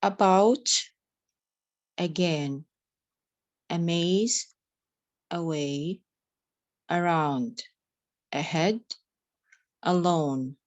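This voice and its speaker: A woman's voice: fairly low pitch, very slow, long pauses, a little mellow, muffled recording. A woman student repeating practice words carefully and hesitantly in a pronunciation class.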